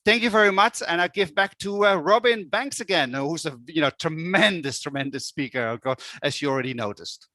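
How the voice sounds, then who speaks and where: Man presenting with a bright, ringing voice, dry and close; emphatic motivational talk. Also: on the high side, fairly quick, few pauses, no room sound. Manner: emphatic, repeats "okay?" for effect. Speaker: business presenter.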